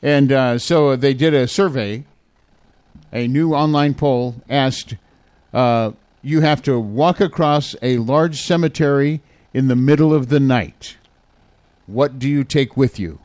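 A man's voice: medium pitch, slow pace, darkish tone. Chatty male morning radio host. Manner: chatty, chuckling, with filler uhs. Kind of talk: casual radio banter.

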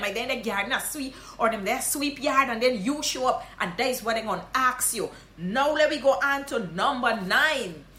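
A woman from Guyana with a Guyanese Creole English accent, high and bright in pitch. She teaches local greetings in a casual, animated way and repeats each phrase with loud emphasis. The sound carries an echo, as if recorded in a bare room. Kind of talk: casual instructional vlog.

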